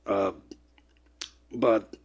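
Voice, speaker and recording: Low and steady, this online presenter's voice draws out its words. He lectures with passion, speaking to his listeners as people, repeating himself emphatically and getting more and more worked up.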